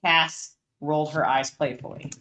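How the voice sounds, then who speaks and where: A woman with a somewhat low voice talks casually as co-host, picking apart a story draft. She clears her throat now and then and fills pauses with ums while she thinks aloud. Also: fairly even intonation, a bit bright, slight background noise. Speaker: podcast co-host critiquing writing. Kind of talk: casual chat.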